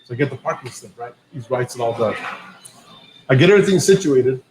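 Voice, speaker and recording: A man's voice: mid-range voice, fairly quick, a crowd in the background, poor audio. A man hosting a podcast, telling a long profane story in a casual way and acting out the dialogue. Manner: profane, animated anecdote-telling with quoted dialogue. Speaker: podcast host.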